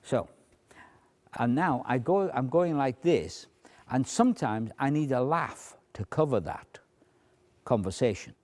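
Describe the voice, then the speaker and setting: A man teaching a stage routine, explaining how he cues volunteers and dropping to a hushed near-whisper to demonstrate. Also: mid-range voice, animated, unhurried, long pauses. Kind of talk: demonstration lecture.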